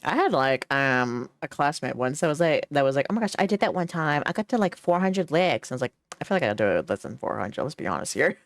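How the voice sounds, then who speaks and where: A woman's voice: deep voice, very animated, quick pace, few pauses, no room sound. A woman streaming a game, chatty and giggly, reading the dialogue aloud as she plays, with hiccups. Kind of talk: casual game stream commentary.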